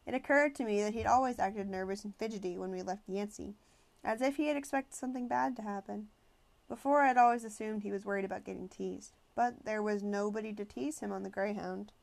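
A woman narrating a first-person novel as an audiobook, measured and expressive. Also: mid-range voice, gravelly.

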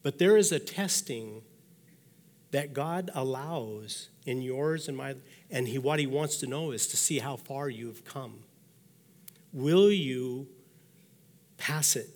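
A man's voice: medium pitch, slow, pauses often, a little mellow. A man in his sixties, a pastor giving a sermon, telling personal stories in a folksy way and acting out the thoughts he quotes. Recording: long reverb of a large hall.

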